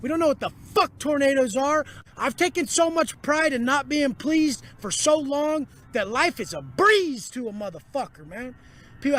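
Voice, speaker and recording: Very high-pitched, swearing tough-talking man. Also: big pitch swings, normal speed, bright, forceful tone. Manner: aggressive, swearing heavily, barking. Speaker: clip subject. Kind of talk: profane tough-talk monologue.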